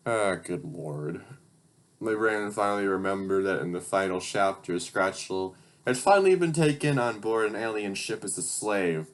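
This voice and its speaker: A young channel host reads his childhood stories aloud at normal speed, his fairly low voice full of lively intonation. He keeps interrupting himself with incredulous, sarcastic asides laced with swearing.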